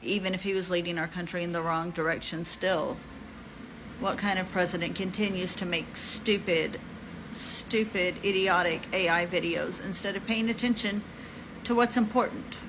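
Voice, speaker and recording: A woman's voice: fairly low pitch, steady tone, normal speed, noisy background. A middle-aged woman vlogging her reaction to camera, exasperated and apologetic, speaking with emotion.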